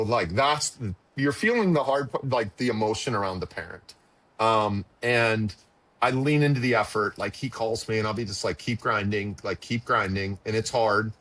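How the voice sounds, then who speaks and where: A middle-aged man with a low voice tells a personal story in conversation. He is halting and emotional, restarting sentences and leaning on fillers as he goes. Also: fairly bright tone. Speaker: podcast guest, former pitcher and father.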